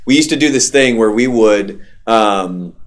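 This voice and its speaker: A man's voice: lowish voice, unhurried. Loose, profane male radio host. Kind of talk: casual podcast chat.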